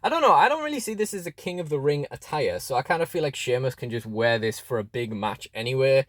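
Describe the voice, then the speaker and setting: A man's voice: medium pitch, very animated, fast, fairly bright tone, no echo. A man chatting casually through a toy unboxing review, rambling with fillers and restarts, recorded close and dry.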